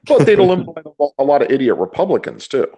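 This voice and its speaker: A man's voice: on the high side, very animated, racing, warm tone, breathy edge. A man co-hosting a casual podcast, giving strong opinions and often repeating words as he gets going. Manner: repeats words when starting sentences. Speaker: podcast co-host. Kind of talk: casual chat, opinionated rant.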